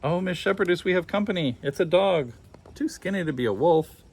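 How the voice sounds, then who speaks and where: A man's voice: sits high, animated, a little fast, vocal fry, breathy edge, pitched above the performer's own voice, full character voice. A man reading a storybook aloud, voicing an earnest, determined young female shepherd in a raised, insistent voice. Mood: chatty.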